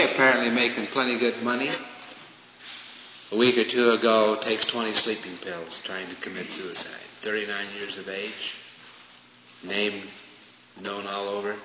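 A man preaching a sermon, swinging from loud emphatic lines to hushed, falling phrases. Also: fairly low pitch. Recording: dull, roomy hall recording with faint hiss.

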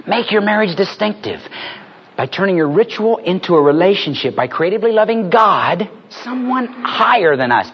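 A preacher with a high, husky voice delivers a sermon full of jokes and stories. He builds his tales to punchlines with lively energy. The recording is dull and lo-fi. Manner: animated storytelling, building to punchlines.

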